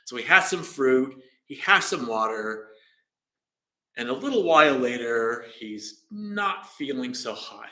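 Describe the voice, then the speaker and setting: A man's voice: medium pitch, sing-song, a little slow, pushed and bright. A man teaching as a meditation teacher, telling a story in a dharma talk in a casual, rambling way with many fillers. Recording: roomy echo.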